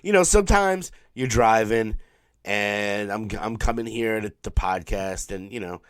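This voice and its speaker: A man's voice: fairly low pitch, measured pace, smooth, no echo, clean studio sound. Tired New man telling stories. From New York. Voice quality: throaty, tired voice. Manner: profane, animated storyteller who mimics people. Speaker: podcast co-host. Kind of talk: casual storytelling chat.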